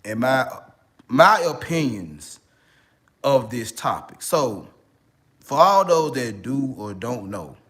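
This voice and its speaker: A man's voice: mid-range voice, big pitch swings, takes it slowly, pauses often, fairly bright tone. Memphis man with a cold, slangy commentary. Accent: Memphis, Tennessee. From Memphis, Tennessee. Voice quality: slangy, repeats "you know what I'm saying". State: getting over a cold. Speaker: online relationship coach. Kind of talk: casual video commentary.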